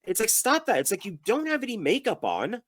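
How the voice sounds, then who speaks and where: A man chimes in as a guest critic with wry, sarcastic remarks, often hesitating between words. His pitch moves around a lot in a middling range. The sound is close and dry. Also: huge pitch swings, quick pace, no room sound. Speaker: guest reviewer. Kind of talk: casual movie review chat.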